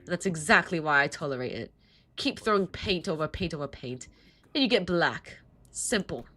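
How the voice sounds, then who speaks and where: A woman's voice: low voice, lively intonation, moderate pace, pushed and bright, voice pushed down, heavily acted. Blunt sulky young man, as a woman puts him on. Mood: gruff. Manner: mock British accent, curt.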